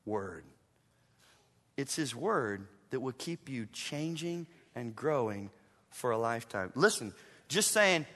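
A man preaching a sermon to his congregation, animated and acting out his listeners in quoted voices. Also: mid-range voice, slow pace, in a large hall. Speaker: pastor. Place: church sanctuary.

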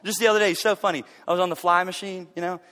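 A man in his forties delivers a sermon from the pulpit, his voice high and bright. He tells stories in an animated way and breaks into loud bursts as he acts them out. The hall adds a long echo behind him. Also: very fast. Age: 40s. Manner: animated storytelling, acting out bursts of loud effort. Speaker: pastor. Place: church sanctuary.

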